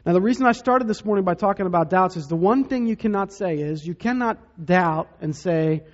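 A man preaching a sermon as pastor, dramatic, dropping to a hush to stress key points. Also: sits high, fairly quick, muffled recording. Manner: dramatic, drops to a hush for emphasis.

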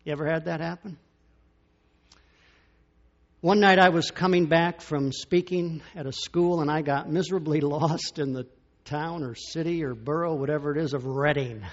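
A man preaching a sermon, slow and dramatic, with big swings between loud bursts and quiet, drawn-out phrases. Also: on the high side, steady tone, highs cut off. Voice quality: slow, dramatic delivery with big swings in loudness and long pauses.

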